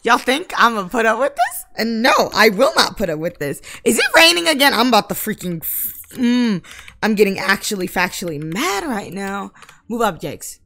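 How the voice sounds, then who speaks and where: A woman giving casual Let's Play commentary, exasperated and bursting into loud outbursts at the game. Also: medium pitch, sing-song, normal speed, creaky. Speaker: gaming YouTuber.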